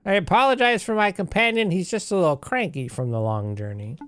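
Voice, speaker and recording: A man's voice: high-pitched, lively intonation, a little fast, a bit bright, smooth, dry recording, voice pushed up. A man voicing a polite, earnest young female adventurer who scolds her grumpy companion.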